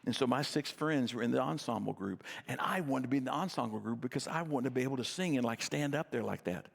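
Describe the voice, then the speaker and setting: Gravelly middle-aged man preaching. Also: mid-range voice, fast, long reverb tail. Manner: conversational storytelling, self-deprecating. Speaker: pastor. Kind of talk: sermon.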